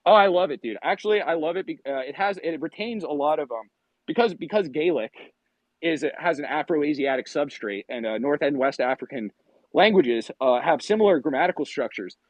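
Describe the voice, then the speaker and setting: A man from New England, talking casually in a rambling, profane, animated way. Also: a little high, fairly quick, dry recording, rough recording. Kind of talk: casual chat.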